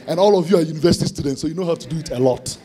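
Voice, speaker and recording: A man preaching an expository sermon to students, animated, acting out voices with sudden shouted bursts. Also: on the high side, rapid-fire, a little hiss or hum. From Ghana. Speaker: conference speaker preaching to students.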